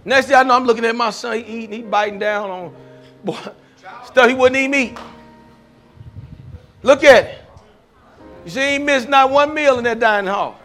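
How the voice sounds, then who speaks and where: A man preaching a fervent testimony sermon at a church service, repeating phrases and rising into shouts. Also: very high voice, moderate pace, long pauses, soft background music. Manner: repetitive call-and-response preaching, rising to shouts.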